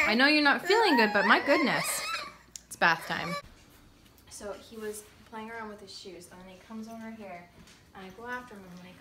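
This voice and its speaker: A woman's voice: on the high side, moderate pace, pauses often, background noise. A woman vlogging at home about family life, casually chatting and laughing as she tells stories to the camera. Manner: animated, laughs often while telling a story. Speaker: vlogger and mother. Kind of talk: casual family vlog chat. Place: home, at the dinner table.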